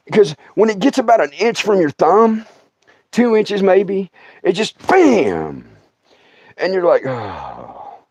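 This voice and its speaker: A middle-aged male comedian spins a tall tale on a livestream, laughing as he goes. His voice is fairly high for a man and swoops widely up and down as he talks to his listeners. The sound is close and dry. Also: no echo. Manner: animated, laughs through his own story, talks to the audience. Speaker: comedian and podcast host. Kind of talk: comic storytelling.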